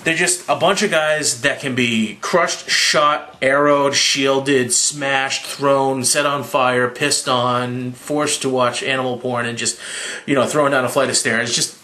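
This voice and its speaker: A slightly drunk young man casually recapping a movie, swearing freely and acting out lines in a raised voice. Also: takes it slowly. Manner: profane, excitable, acts out quotes in a higher voice. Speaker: movie reviewer.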